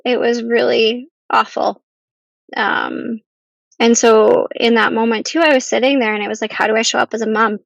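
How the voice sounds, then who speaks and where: A woman telling a painful personal story as a podcast guest, earnest and halting, at times close to tears. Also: fairly high pitch, flat delivery, gravelly, no room sound, highs cut off. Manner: earnest, halting, with restarts and ums.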